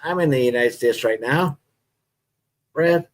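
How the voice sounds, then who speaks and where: A middle-aged man with a Northern Irish accent chats on a live stream. He talks in a loose, rambling way, with plenty of fillers and friendly asides. His voice sits at an ordinary male pitch. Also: unhurried. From Northern Ireland. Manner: relaxed, rambling, chatty with viewers. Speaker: livestream host. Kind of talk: casual live-stream chat.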